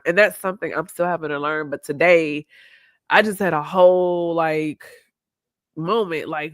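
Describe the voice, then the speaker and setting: A woman, hosting a podcast and talking candidly and reflectively, quoting people in lively voices. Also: lowish voice, normal speed, no room sound, clean studio sound. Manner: reflective, open, quotes herself and others in lively voices. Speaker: podcast host. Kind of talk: candid conversational chat.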